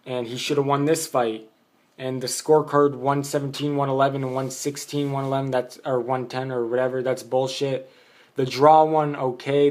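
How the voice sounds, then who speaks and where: Flat-voiced man ranting about boxing. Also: mid-range voice. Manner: blunt, opinionated, rambling with many fillers. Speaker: boxing vlogger. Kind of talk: casual opinion monologue.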